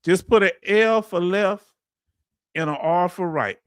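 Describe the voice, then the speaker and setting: A man from the Southern United States with a matching accent hosts a casual livestream, reading viewer comments and explaining things in loose, chatty speech. His voice is high-pitched, clear and resonant, and unhurried, recorded with studio quality and no room sound.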